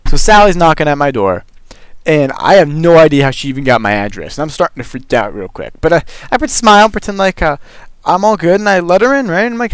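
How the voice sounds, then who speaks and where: A man's voice: medium pitch, clean tone, dry recording. A young man telling a funny personal story in a casual, exasperated way, swearing freely and acting out what people said. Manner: animated, exasperated, profane, acts out quotes.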